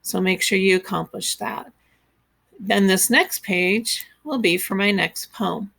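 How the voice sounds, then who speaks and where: Teacher woman with a gravelly creak. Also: medium pitch, slow pace, fairly bright tone. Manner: patient, step-by-step instructions to students. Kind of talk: screen-recorded class tutorial.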